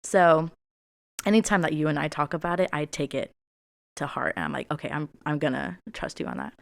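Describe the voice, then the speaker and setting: A woman's voice: sits low, animated, brisk, vocal fry, dry recording, studio quality. A young woman co-hosting a podcast, talking openly and emotionally with lots of fillers and restarts. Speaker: podcast co-host. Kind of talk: casual podcast chat.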